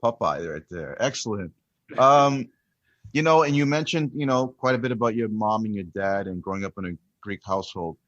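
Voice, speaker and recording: Lower-voiced man asking questions, dull audio. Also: expressive, normal speed, fairly bright tone, no room sound. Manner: friendly, asks questions with fillers. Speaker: podcast co-host. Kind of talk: casual podcast interview.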